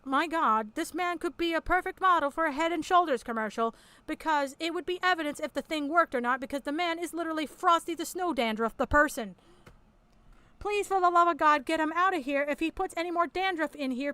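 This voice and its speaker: A woman streamer giving crude, mocking commentary on a video and bursting into loud laughter. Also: high-pitched, no echo. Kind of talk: casual commentary.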